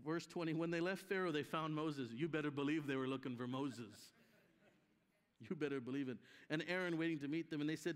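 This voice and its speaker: Guy preaching live, high voice, keeps doing the voices of people in the story, big echoey church hall. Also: a little fast. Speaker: guest preacher. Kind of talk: conference sermon. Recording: live hall with long reverb.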